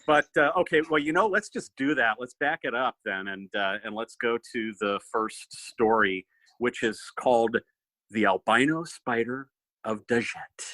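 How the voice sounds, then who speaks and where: A man hosting a podcast, riffing on a movie in an animated, swearing, casual chat. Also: medium pitch, a little slow, dry recording, low-quality recording. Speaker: podcast host.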